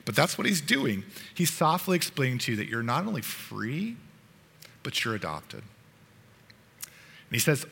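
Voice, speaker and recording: A man's voice: mid-range voice, big pitch swings, measured pace, gravelly, pauses often, fairly bright tone, husky, long reverb tail. A man preaching a sermon, earnestly telling a parable in the second person with frequent restarts.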